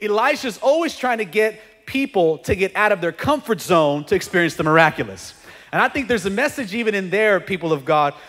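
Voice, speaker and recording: High-voiced preaching man in echoey hall. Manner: energetic, conversational preaching with joking asides and repeated "okay". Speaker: pastor. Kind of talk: sermon. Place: church sanctuary. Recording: long hall reverb.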